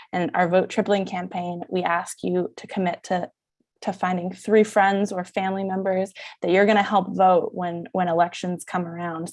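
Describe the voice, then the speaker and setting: A woman's voice: medium pitch, a little mellow, dry recording. Female advocacy staffer, eager and talkative, dry video-call audio. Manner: eager, chatty, quick. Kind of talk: online panel discussion.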